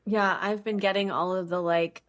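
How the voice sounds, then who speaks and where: A young adult woman co-hosts a podcast in easy casual chat. She rambles with many fillers and giggles along the way. Her voice has a middling pitch. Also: steady tone, normal speed. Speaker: podcast co-host.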